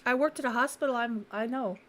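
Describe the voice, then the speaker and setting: A woman's voice: a little high, fast talker, crowd noise. A woman hosting a casual podcast, telling a story bluntly and profanely, acting out the voices of the people in it. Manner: animated storyteller who acts out quoted voices. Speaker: podcast host.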